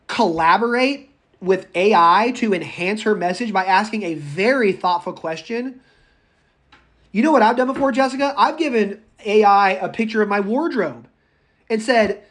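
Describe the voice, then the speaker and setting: Man, teacher lecturing a class, chatty, animated, wanders off on tangents. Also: high voice. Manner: chatty and animated, addresses students by name; goes off on tangents. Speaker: public speaking teacher.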